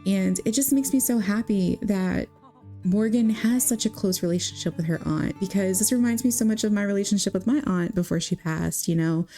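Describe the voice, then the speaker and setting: A woman's voice: medium pitch, fairly quick. A young woman vlogger casually narrating a game story in a chatty, giggly way, full of "she's like" quotes. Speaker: gaming vlogger. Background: soft guitar music.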